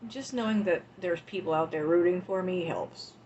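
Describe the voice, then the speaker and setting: A woman's voice: lowish voice, normal speed, darkish tone, lo-fi sound, slight background noise. A woman in her forties, a livestreamer chatting casually with her viewers at home, emotional and close to tears as she thanks them. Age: 40s. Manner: tearful and affectionate, talking to chat.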